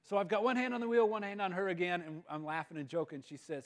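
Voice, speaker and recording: A man giving a guest talk at a school, telling a funny personal story in an animated, self-mocking way. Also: high-pitched, fast. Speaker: guest speaker. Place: school auditorium. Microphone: live-stream mic.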